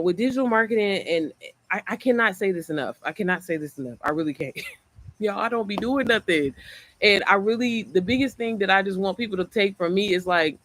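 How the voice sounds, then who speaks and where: A woman's voice: lowish voice, a bit bright. Chatty woman on a home livestream. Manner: chatty, rambling, repeats herself. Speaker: online business creator hosting a livestream. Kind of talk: casual livestream chat. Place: at home, indoors.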